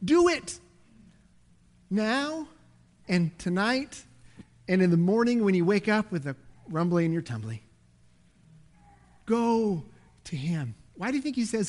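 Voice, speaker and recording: A man preaching a sermon as pastor, animated, swinging between loud emphasis and hushed asides. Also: sits high, measured pace, pauses often.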